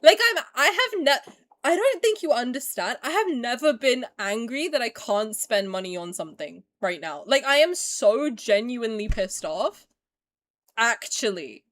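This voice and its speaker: Excitable, high-voiced woman reacting loudly. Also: moderate pace. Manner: excitable, loud, swears freely. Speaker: streamer reacting to a game trailer. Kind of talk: casual live reaction. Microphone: desk mic while seated at a computer.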